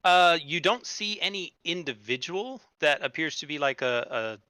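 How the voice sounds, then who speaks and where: A man narrating a tabletop game as game master, pausing often with fillers and restarts. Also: a little high, expressive, bright, forceful tone, clean tone, no room sound. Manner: halting, many fillers and restarts.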